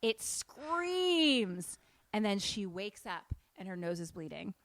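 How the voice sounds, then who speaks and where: A woman podcast co-host tells a horror film's story in an animated way, leaning on "like" as she goes. Her voice is bright and clear. The recording is dry and close, with no room sound. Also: medium pitch, takes it slowly, no echo. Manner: animated storyteller, frequent "like" fillers. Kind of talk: casual chat, retelling a movie.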